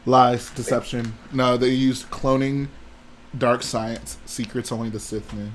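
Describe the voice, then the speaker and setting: A young man in casual livestream chat, playful and joking, with quick asides. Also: mid-range voice, flat delivery, slight background noise. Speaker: livestream co-host.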